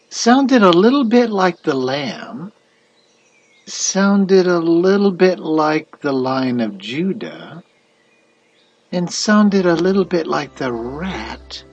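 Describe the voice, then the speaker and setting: A man narrating a storybook tale in a slow, expressive reading. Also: fairly high pitch, slightly rough.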